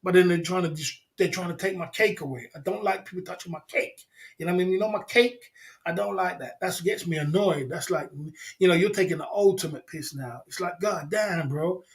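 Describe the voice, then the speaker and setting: Male livestream host with a slightly high voice, loose rambling chat that circles back on itself and reads out names from the chat. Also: fairly quick. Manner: rambling, repeats himself, chuckles, addresses chat viewers by name.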